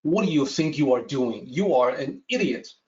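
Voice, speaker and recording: A man voicing an angry boatman who shouts in alarm at another boat. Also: lively intonation, moderate pace, lightly acted. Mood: furious. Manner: yelling, raised and high. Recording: echoey room, dull sound.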